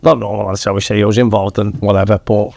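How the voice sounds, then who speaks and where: A Manchester man in his thirties guests on a podcast, telling his story bluntly and with plenty of swearing, calling people "lad" again and again. His voice is on the low side, creaky and darkish, fast with little pitch movement, recorded with no echo.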